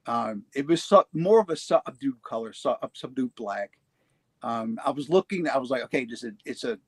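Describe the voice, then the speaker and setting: Man, 40s, casual storyteller, mid-pitched, dry close sound, halting delivery. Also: no room sound. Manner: halting, many restarts and fillers, laughs easily. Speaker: paranormal show guest telling his experiences.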